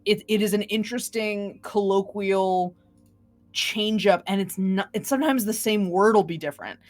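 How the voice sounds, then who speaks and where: A woman's voice: mid-range voice, moderate pace, faint music behind. Chatty, enthusiastic woman co-host. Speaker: podcast co-host. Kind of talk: casual chat.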